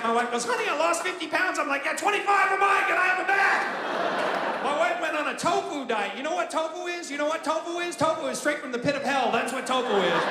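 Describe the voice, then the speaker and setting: A man performing an animated stand-up routine on a theater stage, shouting some punchlines over audience laughter. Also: extremely high pitch, heavy background noise. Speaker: stand-up comedian. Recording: echoey hall, loud crowd laughter.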